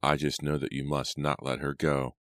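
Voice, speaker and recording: A man's voice: rumbling low, flat delivery, normal speed, fairly bright tone, dry recording, clean studio sound. A man reading an audiobook, voicing a worried older brother who talks earnestly and urgently.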